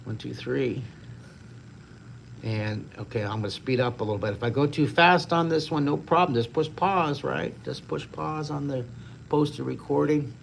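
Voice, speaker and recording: A man's voice: on the high side, normal speed, vocal fry, slight background noise. An older man leading a live-streamed drawing lesson, upbeat, chatty and encouraging to his viewers. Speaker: drawing teacher.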